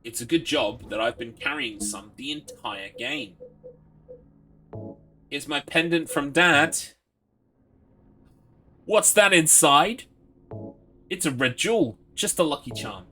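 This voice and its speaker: A man's voice: on the high side, lively intonation, takes it slowly, pauses often, sharp tone, faint music behind. A young British man streaming a horror game, reading item text aloud and joking with his chat. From Britain. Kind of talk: casual game commentary.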